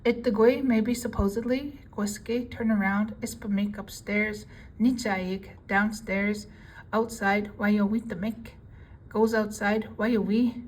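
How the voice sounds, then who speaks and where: A woman giving a casual language lesson, reading out word lists with their English meanings in a relaxed, chatty way. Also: mid-range voice, slow pace, low-quality recording. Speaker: language teacher.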